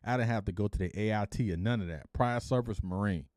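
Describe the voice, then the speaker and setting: A middle-aged podcast host from Detroit spins a story in a lively, casual way. He slips into the voices of the people he quotes and throws in blunt, slangy asides. The sound is close and dry, with no room tone at all. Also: on the low side, fast, no room sound. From Detroit, USA.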